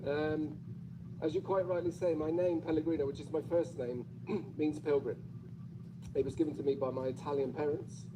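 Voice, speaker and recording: Man with a British accent, public speaker, playful and audience-teasing; slightly high voice, noisy playback. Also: steady tone, moderate pace. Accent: British English. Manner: chatty, playful, asks the audience questions. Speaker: conference speaker.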